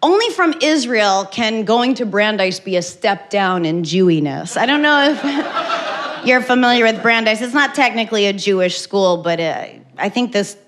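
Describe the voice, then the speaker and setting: A middle-aged woman doing a stand-up comedy set on stage, telling a story deadpan with sudden loud acted bursts. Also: mid-range voice, moderate pace. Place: stage before a live audience.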